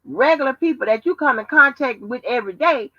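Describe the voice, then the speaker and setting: A woman's voice: high-pitched, expressive, brisk, pushed and bright, no room sound. A woman hosting a casual livestream from home, talking in a profane, emphatic, storytelling way. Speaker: livestream host. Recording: dull lo-fi livestream audio.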